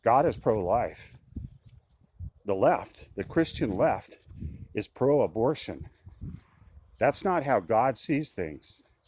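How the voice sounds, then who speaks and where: A man's voice: mid-range voice, very animated, takes it slowly, pauses often, a little mellow, slight background noise. An older man talking casually in a monologue, often repeating himself and turning indignant. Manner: conversational, repetitive, indignant. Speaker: commentator.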